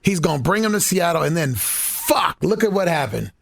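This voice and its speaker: A man telling stories in a casual podcast chat, animated and swearing freely. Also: on the high side, moderate pace, creaky. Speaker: guest.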